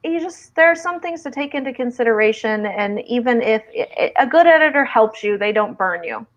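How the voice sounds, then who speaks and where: A woman with a Midwestern twang hosts a casual writing stream, her voice sitting a touch higher than most. She chats easily and reads viewer comments aloud. The audio comes through a video call and sounds lo-fi and dull. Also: lively intonation, a little fast. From Southern Indiana, US. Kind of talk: casual live-stream chat.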